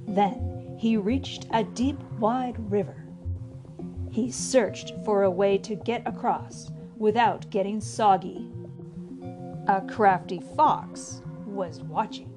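A woman hosting a children's podcast, reading a storybook aloud in a cheerful, animated way. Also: medium pitch, slow, music in the background.

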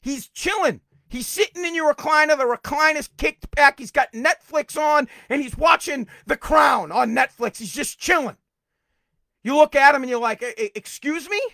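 A middle-aged man hosting a podcast, delivering a heated, profane political rant that sometimes rises to shouting. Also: extremely high pitch, normal speed, dry recording, studio quality. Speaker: podcast host.

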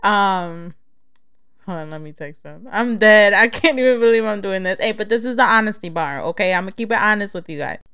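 A woman's voice: mid-range voice, lively intonation, fairly quick, a bit bright, clear, resonant tone. A young woman from the Chicago area hosting her own podcast, chatting casually and candidly, swearing freely and laughing easily. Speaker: podcast host.

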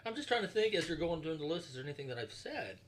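Lively bright man with faint noise. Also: fairly high pitch, racing. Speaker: podcast co-host. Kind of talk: casual group chat.

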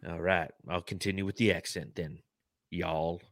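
A man's voice: low voice, fairly even intonation, moderate pace, a bit bright, no echo, clean studio sound, voice pushed down. A man putting on a mock Southern cowboy accent, drawling and calling people "partner" and "little lady".

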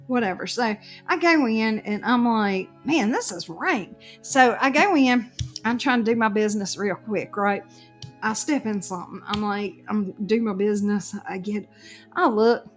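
A woman telling a story in casual chat, exasperated and animated. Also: medium pitch, moderate pace, faint music behind.

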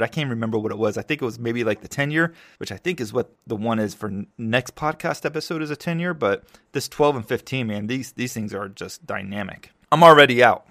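A man hosting a casual solo podcast, telling stories in a loose, joking way, his voice jumping high when he gets excited. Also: no room sound, studio quality. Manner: animated storytelling, jumps high when excited. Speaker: podcast host.

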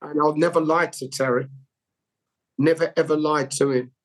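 Male guest, husky higher voice, rambling candid storyteller. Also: steady tone, moderate pace, poor audio. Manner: rambling anecdotal, with emotional candour. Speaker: interview guest. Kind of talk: conversational storytelling.

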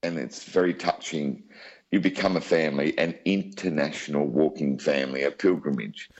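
A man's voice: rumbling low, moderate pace, a little mellow, dull audio. A man with an Australian accent, telling his story as an interview guest in a chatty, rambling way. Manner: chatty, rambling with many asides.

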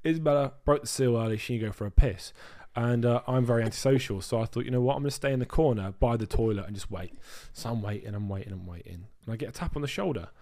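A young English man, a podcast co-host, telling stories in casual chat, animated and full of swearing. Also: mid-range voice, quick pace, hardly any pauses. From England.

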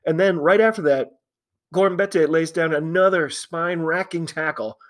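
A man's voice: fairly high pitch, moderate pace. A man hosting a solo podcast, chatty and opinionated, with frequent fillers and restarts. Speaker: podcast host. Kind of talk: casual solo commentary.

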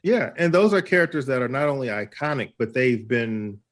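A man co-hosting a casual podcast, relaxed and conversational, saying "you know" a lot. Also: medium pitch, fairly quick, crowd noise. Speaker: podcast co-host. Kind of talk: casual chat.

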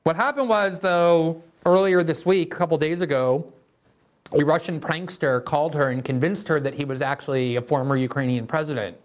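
A man's voice: fairly high pitch, normal speed. A man hosting a political commentary show, talking in a sardonic, mocking, conversational way. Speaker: host.

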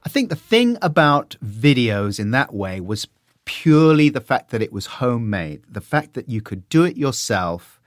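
A middle-aged man telling stories in an interview, animated and slipping into silly voices. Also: medium pitch, normal speed, no room sound, clean studio sound. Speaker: podcaster guest. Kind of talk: conversational interview.

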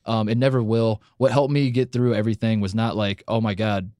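A man's voice: mid-range voice, fairly even intonation, a little fast, dark tone, no room sound, clean studio sound. A young man hosting a casual podcast, rambling with lots of restarts and stammered repeats. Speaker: podcast host.

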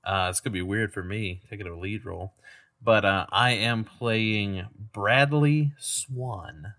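A man's voice: fairly low pitch, unhurried, bright, forceful tone. A man player on a tabletop game podcast, playful and often laughing. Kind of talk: casual podcast chat.

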